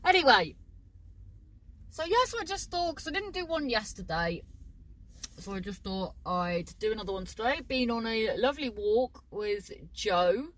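A woman's voice: on the high side, big pitch swings, moderate pace, a bit bright, poor audio. A woman chatting casually to camera in a rambling, sweary way, often trailing off mid-thought. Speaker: vlogger.

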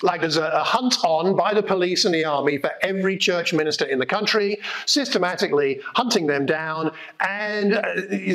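A man preaching a sermon in a conversational, storytelling way, with lively asides. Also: fairly high pitch, poor audio.

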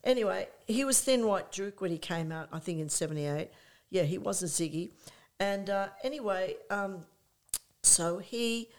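Older aussie lady, interview guest, rambling lively story, lots of you knows, mid-pitched voice. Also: a little slow. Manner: lively storyteller, acts out her own past thoughts, frequent "you know". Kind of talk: conversational anecdote.

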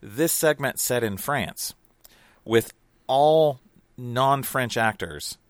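Chatting on a podcast about a film, this co-host rambles hesitantly, full of fillers and restarts. He speaks slowly and expressively at medium pitch, recorded without echo.

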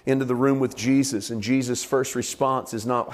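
A man's voice: mid-range voice, steady tone, moderate pace, long reverb tail, slight background noise. A male pastor preaching a sermon in an emphatic, conversational way.

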